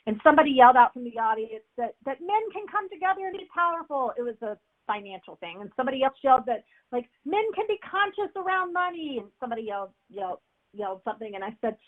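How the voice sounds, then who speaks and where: A woman teaching a webinar on public speaking, energetic and repetitive, often asking "right?" to check in. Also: sits high, fairly quick. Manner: energetic, repeats key phrases, says "right?" often. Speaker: speaking coach. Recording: tinny phone-like audio.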